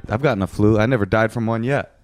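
A man's voice: on the low side, fast, soft background music. A man co-hosting a podcast, chatting casually and arguing playfully with his wife, sometimes mimicking her. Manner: argumentative, animated, mocking impressions of his wife. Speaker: podcast co-host. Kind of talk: casual chat.

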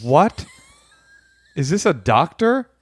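A man's voice: a little high, big pitch swings, slow pace, breathy edge, no echo. A man co-hosting a podcast, reading listener emails aloud in a crude, wry, playful way. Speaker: podcast co-host.

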